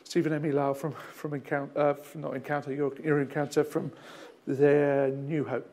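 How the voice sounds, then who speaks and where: High-voiced Australian pastor telling stories. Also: male voice, flat delivery, moderate pace, a little mellow. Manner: rambling anecdotal, frequent restarts, chuckles. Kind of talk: storytelling sermon.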